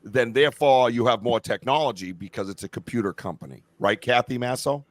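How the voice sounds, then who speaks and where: A middle-aged podcast host with a mid-range voice talks briskly during a live stream, casual, rambling, profane and enthusiastic. He comes through a remote stream call without echo.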